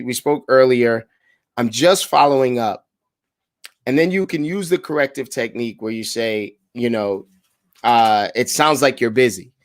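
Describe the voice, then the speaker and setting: A man's voice: medium pitch, dry recording. A man in a casual, upbeat style making live sales phone calls and coaching the audience between them, often repeating words as he restarts.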